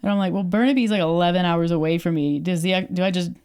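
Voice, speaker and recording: A woman's voice: on the low side, fast, a little mellow, smooth. A young adult woman from Canada, co-hosting a podcast and telling a story in casual chat, acting out quoted dialogue with lots of fillers. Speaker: podcast co-host.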